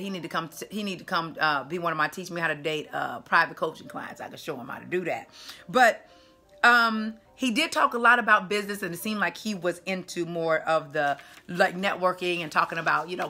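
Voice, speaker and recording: A woman's voice: on the low side, bright, forceful tone. A woman dating coach giving casual video commentary in an emphatic, chatty way with punchy asides.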